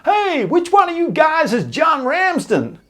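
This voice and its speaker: Man putting on a booming hearty ballplayer. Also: fast talker. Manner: loud, hearty greeting. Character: booming friendly male baseball pitcher.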